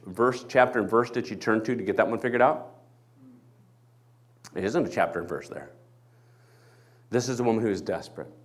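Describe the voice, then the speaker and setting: Animated man preaching a sermon. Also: mid-range voice. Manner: animated, acts out the people in the story. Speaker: pastor. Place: church.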